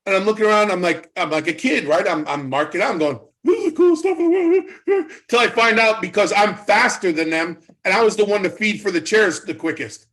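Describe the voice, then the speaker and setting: A man's voice: high voice, brisk, few pauses, poor audio. A man in his fifties, a former pro wrestler, telling stories in an interview and acting out the dialogue. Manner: animated storyteller acting out quoted dialogue. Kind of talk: casual storytelling interview.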